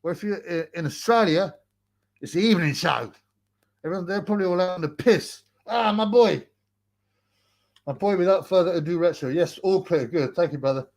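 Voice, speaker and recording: A young man chats casually on a livestream, his voice sitting a little high. He rambles in slang, greets viewers and reads their comments aloud, and mocks a rival with scorn. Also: moderate pace, a little mellow. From United Kingdom. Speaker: livestream host.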